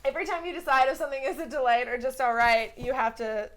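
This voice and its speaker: A woman hosting a casual comedy talk show from her living room, bubbly and animated, laughing often. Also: high voice, fast, heavy background noise.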